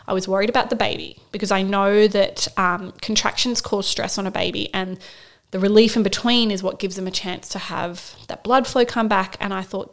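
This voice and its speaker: A woman's voice: mid-range voice, gravelly, fairly bright tone. Woman, thirties, podcast co-host, candid storyteller, quotes herself. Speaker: podcast co-host sharing her birth story. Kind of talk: casual chat.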